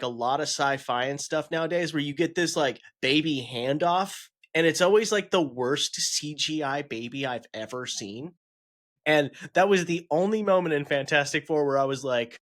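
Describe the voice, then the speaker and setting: A man's voice: on the high side, fairly bright tone. A man co-hosting a podcast, chatting casually, laughing often and swearing freely. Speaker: podcast co-host.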